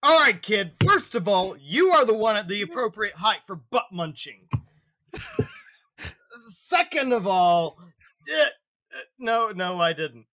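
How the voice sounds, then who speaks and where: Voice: mid-range voice, big pitch swings, unhurried, pauses often, bright, forceful tone. Wry stammering tabletop player. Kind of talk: playing a character in a tabletop game.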